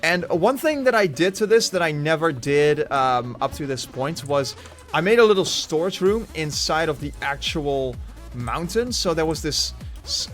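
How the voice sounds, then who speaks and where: A man's voice: on the high side, a bit bright. A man streaming a Minecraft world, chatting casually and rambling with many fillers and restarts over faint background music. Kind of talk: casual Minecraft livestream commentary.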